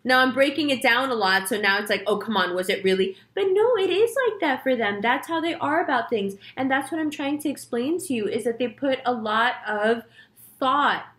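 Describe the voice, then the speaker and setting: A woman's voice: sits high, animated, moderate pace, fairly bright tone. A young woman, a tarot reader, chatting to her viewers in a casual monologue and acting out the voices in her story.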